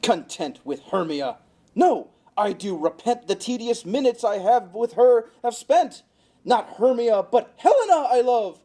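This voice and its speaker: A woman's voice: fairly high pitch, animated, unhurried, warm tone. A woman playing a fickle young male lover, playful and hamming it up, in an amateur Shakespeare reading. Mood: ardent.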